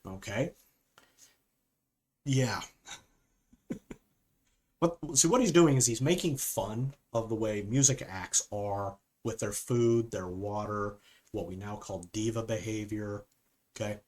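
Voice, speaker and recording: A man's voice: lowish voice, unhurried, darkish tone. A man giving a casual spoken film review, rambling with frequent fillers and "okay?" asides.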